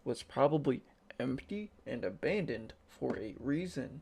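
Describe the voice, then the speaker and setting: A man's voice: medium pitch, very animated, a little slow, creaky, darkish tone, husky. A tired man giving casual, sarcastic and profane reaction commentary, rambling as he goes. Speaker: YouTuber reacting to videos.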